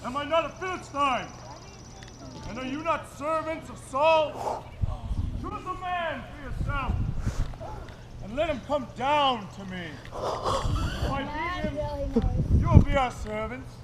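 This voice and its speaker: A man playing a slow, taunting giant warrior. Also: extremely high pitch, expressive, exaggerated voice. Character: boastful giant male Philistine warrior. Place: outdoor camp chapel. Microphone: GoPro camera. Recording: noisy outdoor camera audio.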